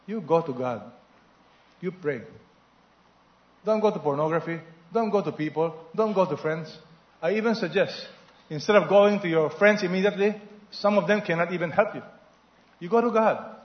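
Male pastor, sermon delivery, higher-pitched voice, echoing hall sound, call-and-response style. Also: moderate pace, long pauses. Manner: animated preaching, call-and-response questions to the congregation. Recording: echoey, slightly dull hall recording.

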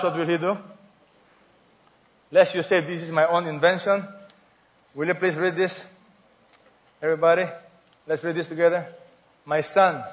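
A man's voice: high-pitched, lo-fi sound. A man preaching a sermon as pastor, asking the congregation questions and stretching out key words.

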